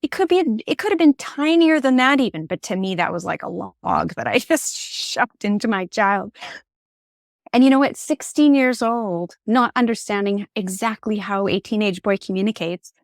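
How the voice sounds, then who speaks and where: A woman in her forties, a podcast guest, telling a personal story in an expressive, candid way. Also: mid-range voice, moderate pace, vocal fry, no echo, clean studio sound. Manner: candid and reflective.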